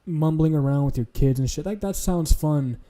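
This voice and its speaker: Man, streamer, very mellow dark voice, profane, blunt, lecturing rant. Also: a little high, normal speed. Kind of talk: casual ranting stream talk.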